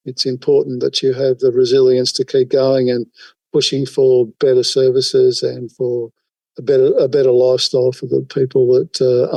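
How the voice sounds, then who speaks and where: Casting: older Australian bloke, rambling storyteller, fillers, dry close mic. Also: male voice, mid-range voice, creaky, dark tone, dry recording, low-quality recording. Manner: rambling, folksy, many fillers. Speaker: guest, emergency services volunteer. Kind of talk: casual interview storytelling.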